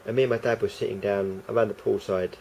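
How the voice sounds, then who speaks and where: A man's voice: fairly low pitch, steady tone, quick pace, mellow, slight background noise. A man rambling through a casual vlog monologue, hesitant and full of restarts and fillers. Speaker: vlogger.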